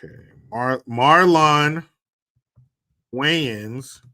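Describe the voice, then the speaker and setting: A man's voice: fairly high pitch, drawn-out words, pushed and bright. A man giving a profane, rambling commentary rant on his vlog, blunt and sarcastic, with frequent restarts. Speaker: vlogger.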